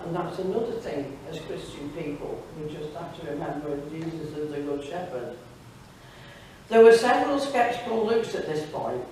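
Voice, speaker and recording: A woman's voice: deep voice, lively intonation, normal speed, darkish tone, a little hiss or hum. A woman giving a devotional talk at a church fellowship evening, reading a story aloud with chatty asides to the audience. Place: church hall. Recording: very echoey hall, distant mic.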